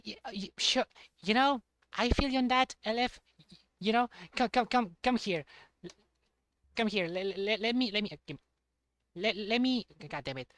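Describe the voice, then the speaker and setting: A young man streaming a game, chatting casually in a halting way and repeating words. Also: high voice, a bit bright, no room sound. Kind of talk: casual chat while playing a game.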